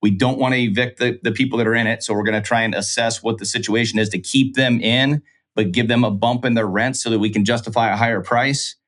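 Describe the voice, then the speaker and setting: A man, a real estate investor appearing as a guest, talks fast at medium pitch while telling a business story in casual conversation. He is animated and acts out the voices of the people in it, performing their quoted dialogue.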